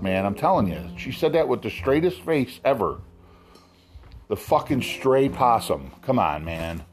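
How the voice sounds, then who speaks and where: A man with a fairly low voice tells a long, exasperated story, swearing freely as he complains. His delivery is blunt and grumbling. A soft guitar plays faintly behind him. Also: expressive, normal speed. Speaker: vlogger telling a restaurant story. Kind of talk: profane storytelling rant.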